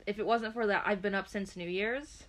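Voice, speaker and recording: A woman in her twenties telling a story in casual chat, animated, swearing freely and acting out what people said. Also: mid-range voice, moderate pace.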